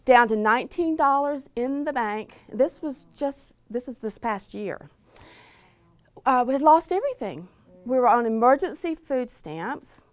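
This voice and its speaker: A woman with a fairly high voice tells a heartfelt personal testimony before a conference audience. She speaks earnestly and emotionally, often softening to a near-whisper. The sound is close and dry, with little room around it. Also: no echo. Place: Christian conference venue.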